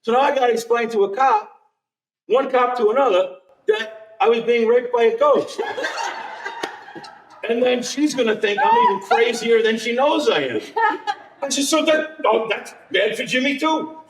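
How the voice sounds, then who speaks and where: A man telling a ghost story to a live audience, animated and laughing through his own tale. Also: extremely high pitch, normal speed, long pauses. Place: curiosity shop event with live audience. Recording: echoey room, far from the mic.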